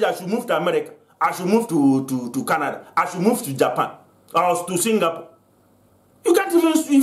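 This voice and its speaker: An older man from Africa delivering an angry vlog rant, accusing and full of repeated restarts. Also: sits high. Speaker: vlogger. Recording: roomy echo.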